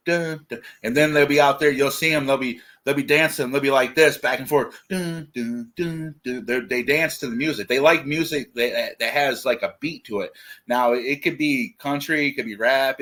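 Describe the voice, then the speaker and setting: A man's voice: medium pitch, a bit bright. Casual male co-host, rambling, filler-heavy talk. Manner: rambling, filler-heavy, says "like" and "dude" often. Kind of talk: casual livestream chat.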